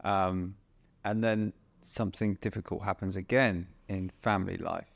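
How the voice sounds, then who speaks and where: Male interview host with a low voice, gentle and prompting. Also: steady tone, moderate pace, creaky, no room sound. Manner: gentle, prompting, brief affirmations. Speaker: podcast host. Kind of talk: interview questions.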